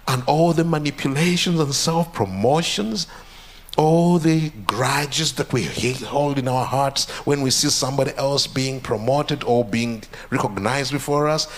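Earnest pastor, higher voice. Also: male voice, fairly bright tone. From Uganda. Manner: earnest, repeats phrases with rising intensity. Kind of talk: testimony sermon.

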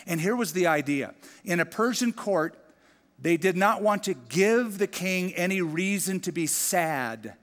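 A middle-aged man preaches a Bible sermon, his voice sitting a little higher than most men's. His words ring out with the long reverb of a big sanctuary, and he brings the scripture to life by voicing each speaker. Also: measured pace. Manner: animated storyteller, acts out quoted dialogue. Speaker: pastor. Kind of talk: expository Bible teaching sermon.

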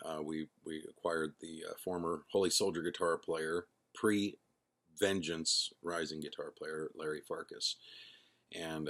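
His voice rumbles low with a slight brightness. The middle-aged singer who started the band recounts his story casually and loosely, self-correcting often and acting out what people said.

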